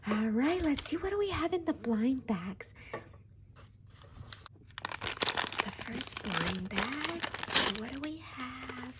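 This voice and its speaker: A woman hosting a toy unboxing in a soft, half-whispered, gushing voice. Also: high voice, lively intonation, slow, long pauses, slight background noise. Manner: hushed and gushing.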